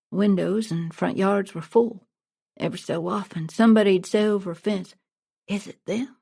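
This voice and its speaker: Gravelly, mellow woman narrating a storybook. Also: medium pitch. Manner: plain, steady storytelling. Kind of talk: audiobook narration.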